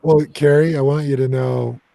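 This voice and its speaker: Mellow-voiced American man, playful host. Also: mid-range voice, fairly even intonation, moderate pace, creaky, dry recording. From United States. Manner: playful, teasing banter. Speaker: paranormal investigator and host. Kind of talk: casual group chat.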